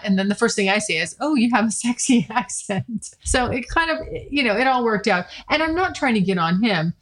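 A middle-aged woman hosting her own podcast, talking frankly and casually, rambling with restarts. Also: medium pitch. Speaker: podcast host. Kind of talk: casual solo podcast talk.

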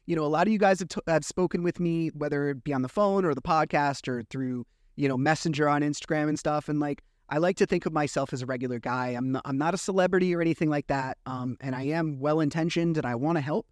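A man's voice: a little high, fast talker, few pauses, no room sound, clean studio sound. Man venting on his podcast. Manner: animated storytelling, acts out dialogue; frustrated, venting. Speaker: podcast host. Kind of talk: casual monologue.

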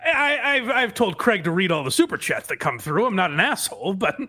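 A man's voice: high voice, sing-song, brisk, very noisy. A man co-hosting a podcast in casual chat, self-deprecating and laughing a lot. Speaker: podcast co-host.

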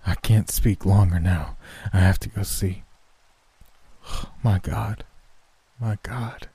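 A man's voice: deep voice, fairly even intonation, slow pace, mellow, breathy edge, exaggerated voice. A man voicing the miserable ghost of an executed man, pleading and broken by sobs and whispers. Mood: fading, desperate.

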